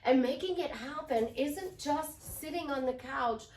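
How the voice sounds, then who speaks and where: A woman life coach giving casual relationship advice in an animated way, often slipping into little role-play voices. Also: high-pitched, a little slow, hardly any pauses, roomy sound, distant mic, a little hiss or hum.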